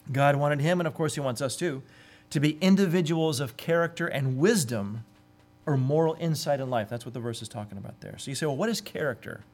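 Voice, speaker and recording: A man delivers a sermon in an earnest, heartfelt way. His voice sits a little high for a man. He lifts into livelier tones when he acts out the people he quotes. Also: fairly quick, darkish tone. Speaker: pastor.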